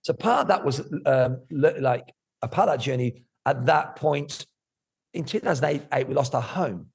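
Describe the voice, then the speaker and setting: Gravelly, husky man telling his story. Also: mid-range voice, normal speed. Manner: animated, swears freely. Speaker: guest. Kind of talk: candid storytelling interview.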